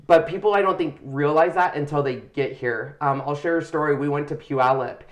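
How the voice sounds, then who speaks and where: A man's voice: fairly high pitch, fairly quick. A middle-aged man hosting a craft channel, telling his story in a casual, heartfelt and emotional way. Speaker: channel host. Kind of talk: casual chat.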